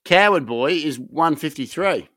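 A man's voice: fairly high pitch, animated, unhurried, fairly bright tone, no room sound, studio quality. A man co-hosting a podcast, playful and full of joking banter. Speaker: podcast co-host. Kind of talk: casual chat.

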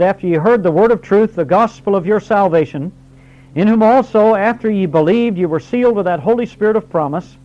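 High-voiced man teaching a Bible class. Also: darkish tone. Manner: explains verse by verse, reads scripture aloud, quizzes the class. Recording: dull lo-fi recording.

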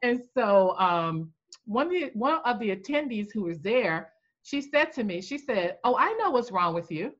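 A woman coach telling an animated story in a podcast interview, acting out the voices she quotes. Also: moderate pace, highs cut off. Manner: animated storyteller, acts out quoted voices with big pitch jumps. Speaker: coach and founder.

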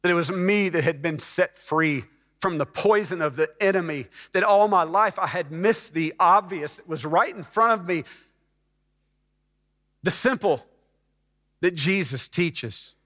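A man preaching a personal testimony as a sermon, telling his story with hushed moments that build to loud, emphatic passages. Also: sits high, measured pace. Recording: long hall reverb.

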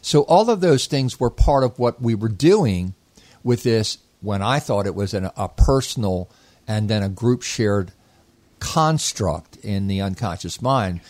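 A man's voice: on the low side, lively intonation, unhurried, a little mellow, no room sound. A man co-hosting a talk show, explaining ideas about an inner realm in a reflective, meandering way with frequent restarts. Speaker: co-host, inner child therapist. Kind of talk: casual conversational teaching.

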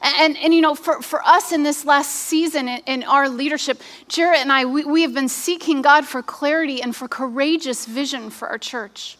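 Bright high-voiced woman pastor, earnest. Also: moderate pace, few pauses. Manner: earnest, confessional storytelling with many restarts. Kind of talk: sermon.

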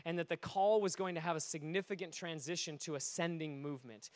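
A man preaching a sermon, telling stories in an animated way that rises to near-shouting at its peaks. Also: a little high, brisk, dry recording. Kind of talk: sermon storytelling.

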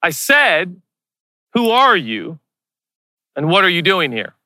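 A man voicing a male Roman guard who yells down a challenge. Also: sits high, very animated, slow, no echo, studio quality, pitched above the performer's own voice, heavily acted. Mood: demanding. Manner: shouted challenge.

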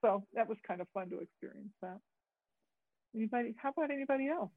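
A woman leads a group session over a video call, explaining ideas in a halting way with many fillers and restarts. The audio is tinny and phone-like, with no room sound at all. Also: a little high, animated, no echo. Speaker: group facilitator and therapist.

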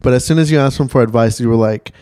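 A man's voice: mid-range voice, racing, mellow. A man co-hosting a podcast in casual chat, often hesitant and restarting as he tells a story. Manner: hesitant, stammers with restarts when telling a story. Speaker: podcast co-host.

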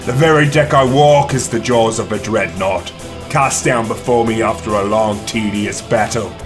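A man's voice: on the low side, normal speed, music in the background, lightly acted. Man doing a boastful pirate captain. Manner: grandiose boasting.

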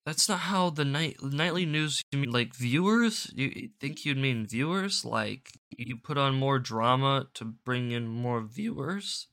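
Male commentator for reaction videos: bright, sharp voice at mid pitch, sarcastic rambling delivery into a home desk mic. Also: animated, unhurried, few pauses. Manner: sarcastic, rambling, swears casually. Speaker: political commentator. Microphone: desk microphone.

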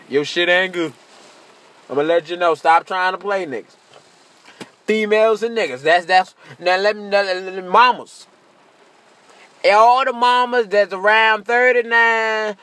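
A brash comedian riffs through a stand-up monologue, cursing freely and laughing at his own jokes. His high voice is bright and sharp, and now and then he slips into a shrill, mocking voice.

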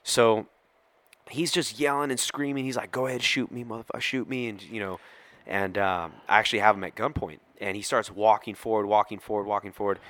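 A man's voice: fairly low pitch, brisk. A middle-aged man, a police officer, telling a story on a podcast and acting out the quoted lines. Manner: animated storyteller who acts out quoted lines.

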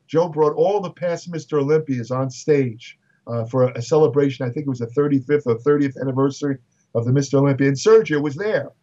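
A man's voice: mid-range voice, brisk, warm tone. Older New man telling stories, muffled and distant. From Brooklyn, New York. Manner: chatty, repeats words, frequent fillers and restarts. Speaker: bodybuilding writer and guest. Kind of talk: casual anecdotal storytelling.

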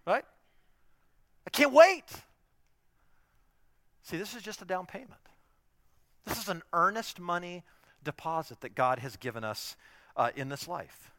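Male pastor, high bright voice, dry close sound, emphatic sermon delivery that swings loud and soft. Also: normal speed, no echo. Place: church in Southern California.

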